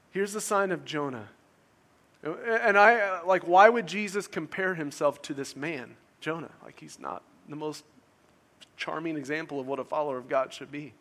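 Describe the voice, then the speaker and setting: A man preaching a conversational sermon, asking his listeners questions and swinging from loud to quiet. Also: sits high, normal speed. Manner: conversational, asks the audience questions, varies volume widely. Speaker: pastor.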